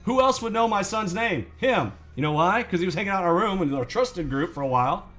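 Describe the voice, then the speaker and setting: A man's voice: sits high, lively intonation, a little fast, fairly bright tone, soft background music. A man hosting a trading channel, ranting to his viewers in an indignant, sarcastic and profane way. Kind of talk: angry rant to viewers.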